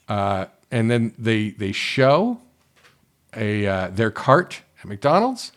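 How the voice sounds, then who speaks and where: A man co-hosting a casual podcast, rambling and halting as he reads an article aloud to his co-host. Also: fairly low pitch, sing-song, clean tone. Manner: rambling, halting, with restarts and asides.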